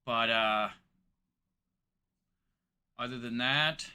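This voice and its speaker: Man, from Ontario, casual reaction commentary, halting and rambling, very bright tone, mid pitch. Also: clean tone. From Ontario, Canada. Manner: rambling, hesitant, many fillers. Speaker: reaction channel host.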